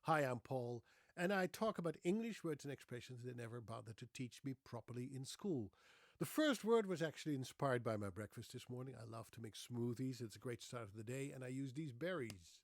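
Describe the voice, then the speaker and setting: A man giving a short, playful video lesson on pronunciation, slowing down to stress each syllable of a word. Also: medium pitch, dry recording, clean studio sound. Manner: lively, playful, stresses each syllable slowly when modelling words. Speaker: English pronunciation teacher.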